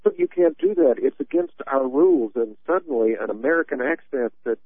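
A man's voice: mid-range voice, lively intonation, fairly quick, few pauses, no echo. A man hosting a political talk radio show, telling stories with a sarcastic, rambling manner. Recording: tinny dry phone-line sound.

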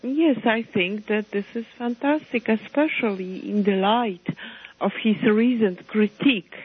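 A woman's voice: mid-range voice, measured pace, slightly rough, phone-quality sound. A woman with a Slavic accent calling in to a radio show and speaking in an earnest, insistent way. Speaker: caller. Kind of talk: call-in radio conversation.

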